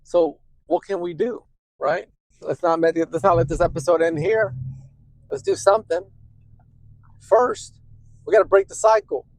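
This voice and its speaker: A middle-aged man talks straight to his listeners as a therapist, animated and chatty, and he often checks in with a quick "right?" His voice sits a little high for a man. The recording is dry and close, with no room sound. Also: no echo, low-quality recording. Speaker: therapist and podcast host. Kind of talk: conversational explanation to listeners.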